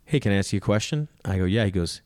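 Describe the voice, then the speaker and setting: A man chatting casually as host, telling animated stories and acting out both sides of the conversations. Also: fairly low pitch, racing, no echo, clean studio sound. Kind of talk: casual chat.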